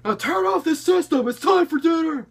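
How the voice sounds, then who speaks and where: A man voicing an angry father who barks stern shouted orders. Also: very high voice, lively intonation, moderate pace, vocal fry, voice pushed up, full character voice. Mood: yelling. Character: angry yelling father, middle-aged man.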